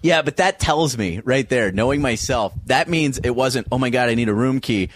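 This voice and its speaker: Animated male comedian telling a story. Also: mid-range voice, normal speed, no echo. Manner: animated, acts out voices in stories. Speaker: comedian guest. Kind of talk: storytelling interview.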